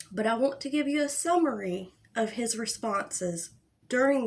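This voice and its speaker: A woman's voice: a little high, animated, measured pace, darkish tone. A young woman hosting a casual livestream about online drama, talking bluntly with plenty of swearing and restarts. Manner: blunt and profane, with frequent restarts. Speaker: drama commentary host.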